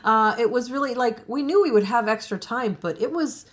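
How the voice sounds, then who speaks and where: A woman's voice: on the high side, animated, a little fast. A woman co-hosting a travel vlog, chatting casually to the camera and laughing often between her phrases. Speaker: co-host of a retirement travel channel.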